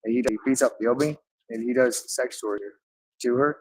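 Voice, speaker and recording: A man's voice: medium pitch, moderate pace, darkish tone, breathy edge, rough recording. A man talking in a rambling monologue, swearing often and repeating phrases over and over. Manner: repetitive, loops phrases over and over; profane, with frequent swearing.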